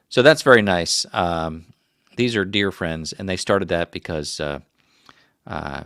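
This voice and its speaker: A man's voice: sits low, vocal fry, a bit bright, dry recording, clean studio sound. A middle-aged man hosting a casual livestream, rambling through stories with self-mocking jokes. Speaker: livestream host.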